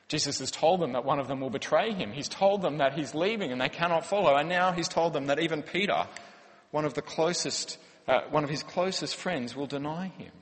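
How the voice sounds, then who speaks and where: A man, a pastor preaching a sermon in an earnest, conversational way with rhetorical questions. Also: medium pitch. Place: church hall. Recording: long church-hall reverb.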